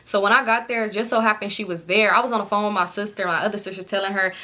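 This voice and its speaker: A woman's voice: mid-range voice, fairly even intonation, very fast, bright, forceful tone. A woman vlogger telling a casual, profane story to her viewers, filling her speech with "like" and calling them "y'all". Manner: chatty, profane, fills speech with "like".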